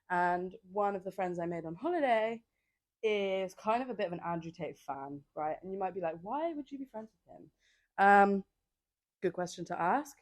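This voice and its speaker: On holiday by the sea, a young woman hosts a casual solo podcast outdoors using a handheld mic, yet the recording carries no room sound. Her medium-pitched chat rambles along, heavy with fillers and sprinkled with sassy asides.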